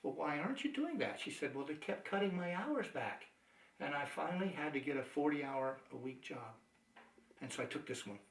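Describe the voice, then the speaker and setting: A man's voice: on the high side, brisk, roomy sound, far from the mic, low-quality recording. Chuckling man giving a sales training talk. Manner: chuckling, anecdotal, animated. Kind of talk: training talk with acted-out dialogue.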